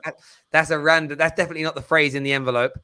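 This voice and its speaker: A man's voice: fairly high pitch, steady tone, rapid-fire, sharp tone, clear, resonant tone. A man with a Cockney accent hosting a football talk show, joking and bantering with callers. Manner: jokey, bantering, self-deprecating. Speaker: host.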